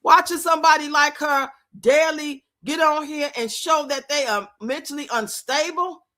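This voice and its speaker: A woman's voice: sits high, moderate pace, pushed and bright. A woman streamer giving blunt, profane commentary in a casual live-stream rant. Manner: blunt, profane, rants and scolds with lots of swearing. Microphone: streaming mic.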